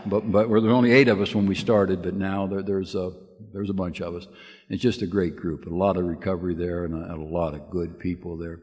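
An older man with a fairly low voice tells folksy stories to a meeting crowd, laughing at his own jokes and stumbling into restarts. His words ring out with a long reverb, as in a big hall. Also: little pitch movement, fairly quick, a little mellow. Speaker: AA speaker giving a lead. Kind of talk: storytelling talk at a recovery meeting. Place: meeting room with audience.

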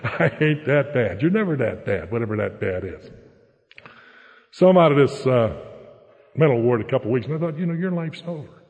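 A man's voice: mid-range voice, very animated, moderate pace, pauses often. Older man, blunt plain-spoken recovery testimony, long hall reverb, muffled lo-fi sound. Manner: blunt, plain-spoken, tags lines with "okay?". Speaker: recovery meeting speaker. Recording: echoey hall, dull lo-fi sound.

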